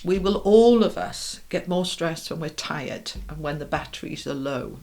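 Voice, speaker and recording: A middle-aged woman with a slightly low voice gives a tarot reading. She coaches the listener directly and reassuringly. She asks rhetorical questions and keeps checking in with a quick "okay?" or "all right?". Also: lively intonation, vocal fry, darkish tone. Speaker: tarot reader. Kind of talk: tarot card reading to camera.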